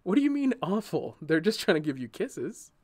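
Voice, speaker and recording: A man voicing a cheerful, gentle male sunflower in a storybook, speaking softly and teasingly. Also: high voice, big pitch swings, moderate pace, no echo, pitched above the performer's own voice. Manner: soft, warm and teasing. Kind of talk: storybook narration.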